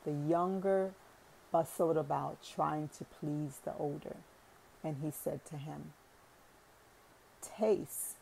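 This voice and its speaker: Lady reading an audiobook slow and deliberate, low gravelly voice. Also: little pitch movement, warm tone, a little hiss or hum, low-quality recording. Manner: deliberate reading with occasional self-corrections. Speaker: audiobook narrator. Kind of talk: scripted narration.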